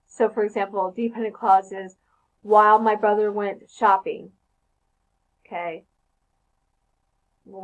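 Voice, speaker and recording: A woman's voice: mid-range voice, low-quality recording. A woman teaching a casual grammar lesson, talking conversationally and often checking in with "okay?".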